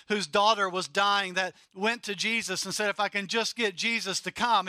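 A male pastor with a high, bright, forceful voice preaches with emphatic repetition. His delivery swells and then drops back to quieter, earnest stretches. The sound is close and dry, with no room echo. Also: smooth. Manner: emphatic, repetitive preaching with rising and falling intensity. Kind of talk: sermon.

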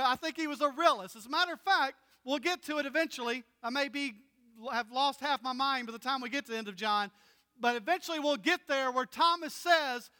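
A male pastor delivers a storytelling sermon with a high, bright voice that rings with clarity. He talks in an animated way and acts out the voices of the people in his stories. His words echo with the long reverb of a church hall.

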